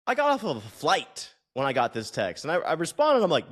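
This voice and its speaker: A man's voice: a little high, fairly quick, hardly any pauses. A man hosting a podcast, telling a story in a casual monologue, joking, profane and acting out the people he quotes. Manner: animated, acts out the people he quotes. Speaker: podcast host and personal trainer.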